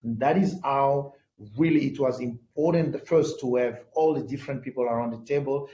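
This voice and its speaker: A man's voice: medium pitch, normal speed, mellow, echoey room, dull audio, slight background noise. A man with a French accent, a native French speaker, speaking on an online panel with many hesitations and restarts over a video call.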